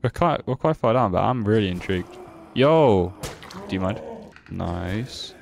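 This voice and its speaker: A man's voice: lowish voice, unhurried, vocal fry, a little hiss or hum. A young man giving casual, joking commentary while streaming a horror game. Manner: joking, playful, excitable.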